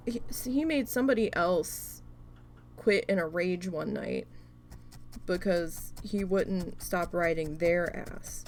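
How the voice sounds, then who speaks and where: A woman's voice: on the low side, normal speed, a little hiss or hum. A woman telling a story in casual, profane chat, acting out quoted back-and-forth while she works on a craft. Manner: animated, profane venting with quoted dialogue. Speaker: craft video host.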